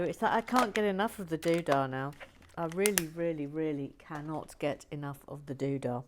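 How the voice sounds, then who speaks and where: A woman's voice: low-pitched, a little slow, noisy background. A woman hosting a vlog, chatting casually while building with bricks and often dropping into whispered asides. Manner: muttering with frequent whispered asides. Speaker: vlog host.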